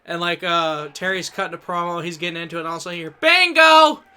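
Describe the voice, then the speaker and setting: A man's voice: on the high side, level tone, very fast, pushed and bright, clear, resonant tone. A man rambling through crude wrestling anecdotes during casual gaming banter, often laughing. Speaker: gaming streamer.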